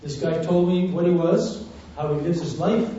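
A man preaching a sermon, telling a story fervently and swinging between hushed and loud passages. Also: fairly high pitch, normal speed, a little hiss or hum. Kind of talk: sermon testimony. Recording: muffled, echoey, distant church recording.

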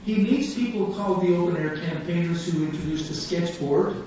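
High-voiced man preaching in an echoey hall. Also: fairly quick. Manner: animated storyteller, acts out quoted voices. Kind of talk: sermon storytelling. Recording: echoey hall, distant mic, dull sound, faint room hum.

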